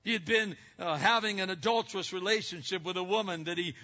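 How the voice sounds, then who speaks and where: A man preaching a sermon as pastor. His delivery swings between loud, emphatic peaks and hushed, low passages. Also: quick pace. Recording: muffled lo-fi sound with long reverb.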